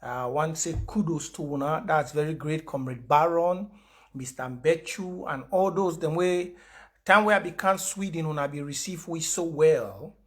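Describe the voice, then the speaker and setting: Brief: high-voiced Cameroonian man, livestream activist, pidgin-English mix, forceful repeated points. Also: moderate pace. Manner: impassioned, emphatic repeated declarations; mixes pidgin and English with frequent fillers. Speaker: activist host of an online broadcast. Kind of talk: livestream address to followers.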